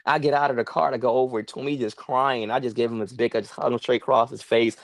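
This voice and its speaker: A man's voice: medium pitch, fairly even intonation, fast talker, dry recording. A man speaking as a guest on a livestream interview, earnest and pleading, repeating himself for emphasis over a video call. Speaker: guest, farmer and sanctuary owner.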